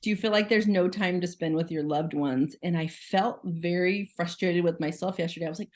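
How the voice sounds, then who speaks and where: A woman's voice: fairly low pitch, fairly even intonation, brisk. A woman working as a school social worker, giving a casual presentation on a video call, talking in a chatty way with many "like" fillers and questions to the audience. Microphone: video call microphone.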